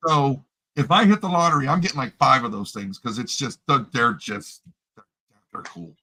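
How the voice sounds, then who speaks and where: Bright-voiced joking man. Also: medium pitch, low-quality recording. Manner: joking, chatty, drawn-out asides. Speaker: co-host. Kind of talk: casual chat about coin collecting.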